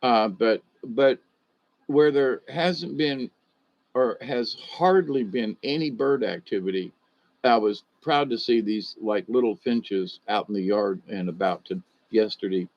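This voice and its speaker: A man's voice: fairly low pitch, measured pace, no room sound, muffled recording. A man, telling folksy stories and rambling with chuckles. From Georgia, US. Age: 60s. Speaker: monologue host.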